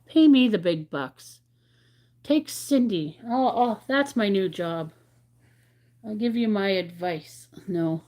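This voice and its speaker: Woman host, unhurried casual livestream chat, candid and rambling, reads viewer comments aloud. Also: mid-range voice, lively intonation, dark tone.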